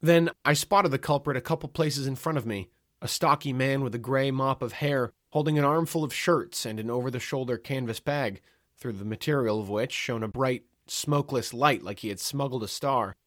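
A man narrating a comic first-person story in a wry, dry, deadpan manner. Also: medium pitch, moderate pace, no room sound.

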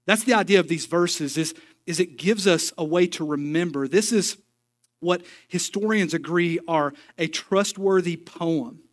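Man, pastor, slightly high voice, folksy joking sermon, emphatic. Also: measured pace. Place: church sanctuary.

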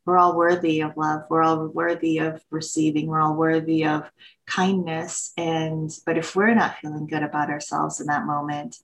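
A woman's voice: deep voice, little pitch movement, normal speed, low-quality recording. A woman guest on a podcast, candidly sharing a personal story with emotion and acted-out quotes. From United States.

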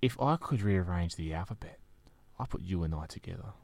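A young Australian man jokes and teases in a casual podcast chat. His pitch moves a lot as he talks, and his voice sounds dry and close to the mic. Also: expressive, brisk, gravelly, a little mellow, no echo. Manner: joking, teasing banter. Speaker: radio announcer.

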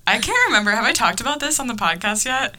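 A young woman hosts a casual podcast chat, her voice very bright and crisp. She tells stories in an animated way, laughing often and filling pauses with lots of fillers. She sits at home in Florida. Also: a little high. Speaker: podcast host.

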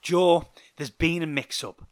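A man's voice: on the high side, a little slow, dry recording, voice pushed up, close to an everyday voice. A man voicing a brash, condescending male outlaw who turns hot-tempered and frantic in danger. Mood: tense. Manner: teasing drawl, turns to frantic shouting.

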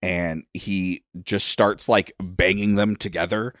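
A man's voice: deep voice, fairly even intonation, slow pace, a bit bright, no echo, studio quality. A man narrating a tabletop game as game master, casual and rambling.

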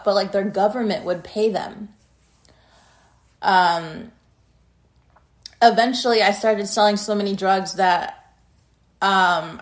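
A woman in her thirties recounts her own story straight to her listeners. She talks casually and bluntly, with plenty of "um" and "like" along the way. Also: medium pitch. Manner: candid, casual and blunt, with frequent "um" and "like". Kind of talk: personal storytelling.

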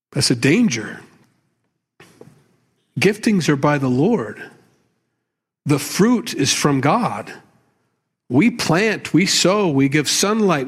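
Teaching a Bible study, this middle-aged pastor keeps his sermon conversational and frank, dropping asides and jokes at his own expense. He has a somewhat high, husky voice.

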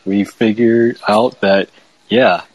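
A man co-hosting a podcast, giving his halting take in casual chat. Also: fairly low pitch, little pitch movement, poor audio. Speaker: podcast co-host.

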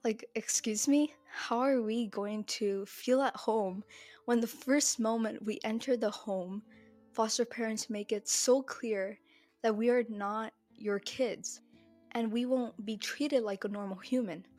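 A woman's voice: on the high side, fairly even intonation, unhurried, a little mellow, soft background music. A young woman hosting a solo podcast, talking bluntly and heatedly and swearing freely. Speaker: podcast host.

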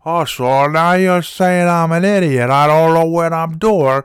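A man's voice: on the high side, a little slow, smooth, dry recording, clean studio sound, pitched above the performer's own voice, lightly acted. A man putting on the voice of an angry, blustering older male customer on a prank call. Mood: threatening. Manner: loud, indignant, blustering.

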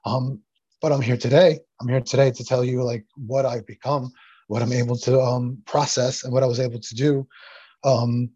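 A man guest telling a personal story in a halting way, full of fillers and restarts, close to tears. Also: mid-range voice, flat delivery, dark tone, husky, dry recording, highs cut off. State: near tears. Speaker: interview guest, sound healer. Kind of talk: emotional personal story in casual conversation.

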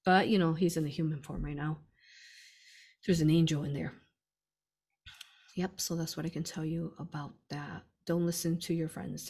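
A woman's voice: lowish voice, darkish tone. A woman hosting a live spiritual stream, answering viewer questions in a chatty way, laughing often and calling listeners "you all".

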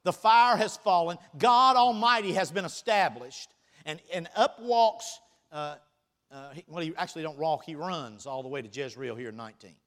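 A man preaching a sermon, reading scripture aloud and swinging between loud bursts and quiet, teasing asides. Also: fairly high pitch, lively intonation, normal speed.

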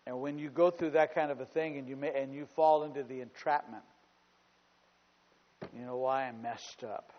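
A male pastor preaching a sermon, shifting from quiet storytelling to loud, emphatic declarations and repeating phrases for emphasis. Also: mid-range voice, fairly even intonation, normal speed, long pauses. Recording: dull lo-fi recording with long hall reverb.

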